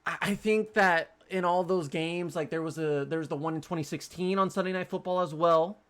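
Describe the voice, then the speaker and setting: A man hosting a casual sports podcast, talking in animated, quick bursts with frequent restarts. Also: a little high, smooth. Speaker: podcast host.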